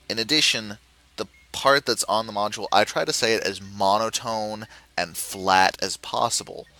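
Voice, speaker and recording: A man walking through a puzzle game as a tutorial presenter, explaining step by step and thinking aloud with frequent pauses and self-corrections. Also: fairly low pitch, creaky, bright, forceful tone, poor audio. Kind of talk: screen-recorded game tutorial.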